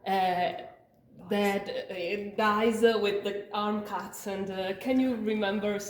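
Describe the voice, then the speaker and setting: A woman's voice: medium pitch, steady tone, slow, a little hiss or hum. A woman interviewer asking questions hesitantly, with many fillers. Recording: echoey convention room.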